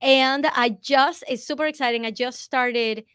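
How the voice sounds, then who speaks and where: A woman with a Boston accent talks as a guest on a video call. She is enthusiastic and chatty, and her voice sits a little high. The sound is dry and close. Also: steady tone, unhurried, fairly bright tone, clear, resonant tone, no room sound. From Massachusetts. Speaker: business coach guest. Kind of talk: casual interview.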